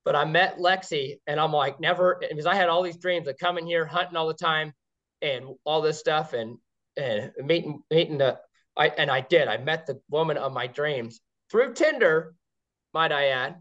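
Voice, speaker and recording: A man, a guest on a podcast, telling stories in an excited, rambling way with many restarts. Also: a little high, moderate pace. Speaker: guest, game caller. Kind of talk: casual podcast chat. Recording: dull lo-fi sound.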